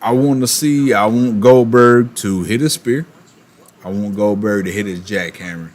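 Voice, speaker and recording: A man streaming and chatting casually, animated, with quick asides and laughs. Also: on the low side. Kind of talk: casual chat while opening cards.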